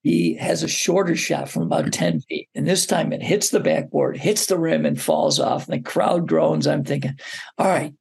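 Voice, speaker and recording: A man, a basketball coach, telling a story as a guest in an interview, lively and often putting questions to the listener. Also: fairly high pitch, normal speed, creaky, few pauses, slightly rough. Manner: animated storyteller who poses questions to the listener.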